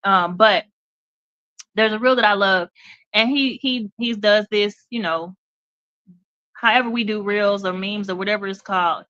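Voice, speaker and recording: A woman's voice: mid-range voice, measured pace, long pauses, sharp tone, lo-fi sound. Direct woman talk show host. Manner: direct, emphatic, checks in with "okay?". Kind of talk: motivational talk.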